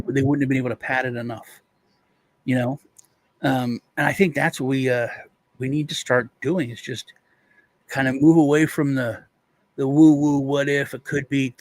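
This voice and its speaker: A man's voice: mid-range voice, dry recording. A male co-host rambling through a casual chat, retelling stories with restarts and quoted voices.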